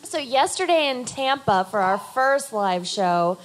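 A woman's voice: a little high, expressive, a little slow. A woman co-hosting a podcast live on stage, cheering the crowd and introducing the show with enthusiasm. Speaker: podcast co-host. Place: live show venue with audience. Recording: loud crowd noise from live audience.

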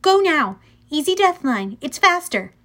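A woman's voice: very high voice, sing-song, moderate pace, a bit bright, pitched above the performer's own voice, exaggerated voice. A woman voicing a bold young girl in an audiobook, giving firm commands. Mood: commanding. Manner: firm commands, like training a dog. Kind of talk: audiobook character voice.

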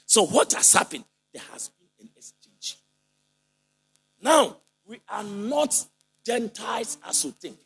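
A male preacher delivers a fervent sermon in a high, husky, gravelly voice that leaps and drops wildly, breaking into shouted and sung lines. His tone is bright and forceful. Faint music plays under him. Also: lively intonation, slow pace. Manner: fervent preaching, shouted and sung phrases, congregation call-and-response.

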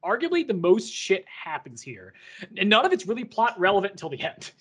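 A man co-hosting a casual podcast about a book, animated and swearing as he retells scenes. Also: high-pitched, brisk, husky. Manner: animated, swears, acts out quotes. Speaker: podcast co-host.

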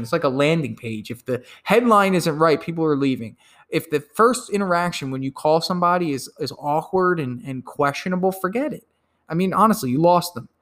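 A man giving a sales training talk, emphatic and quick to act out phone calls, often repeating words as he goes. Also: a little high. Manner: repeats words when excited. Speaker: sales coach.

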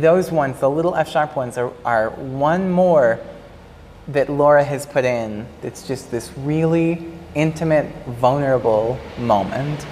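A woman speaking thoughtfully to an audience at a theater talk, searching for words with many pauses and fillers. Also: sits low, a little mellow, slight background noise. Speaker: panelist at a pre-show talk about an opera. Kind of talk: casual talkback to an audience. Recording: long hall reverb.

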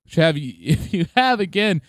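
A man's voice: a little high, sing-song, normal speed, no room sound, studio quality. A man co-hosting a podcast in casual chat, laughing often and slipping into playful put-on accents. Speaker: podcast co-host.

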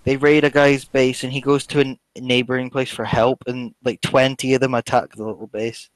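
A man's voice: mid-range voice, little pitch movement, a little fast, dry recording, rough recording. Dry-voiced young Scottish man, teasing. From Scotland. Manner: wry, teasing, blunt. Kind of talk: casual chat.

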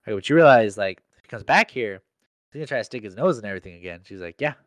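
A man's voice: lowish voice, expressive, rapid-fire, no room sound. A young man in casual chat, telling a work story in slangy speech full of "like". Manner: slangy storytelling, heavy use of "like".

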